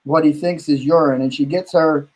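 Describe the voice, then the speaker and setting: A man telling lively stories about his bar in a casual chat, acting out what people said. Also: on the high side, normal speed, rough recording. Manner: animated anecdote-telling, acting out quotes. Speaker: bar owner and guest host.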